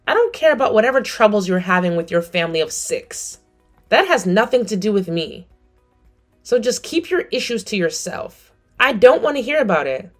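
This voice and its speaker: A middle-aged woman tells her story in a cold, firm tone. Her voice is mid-pitched but swings widely, with faint music beneath it. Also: very animated, normal speed. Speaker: narrator and mother. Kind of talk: scripted story narration.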